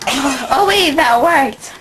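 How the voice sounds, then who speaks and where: A young woman, tipsy and hiccuping, giggles through every few words in a very high, lively voice. She talks slowly, and the home video recording has noise and chatter behind her. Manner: giggling constantly between words. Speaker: friend filming at a drinking session. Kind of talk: casual chat.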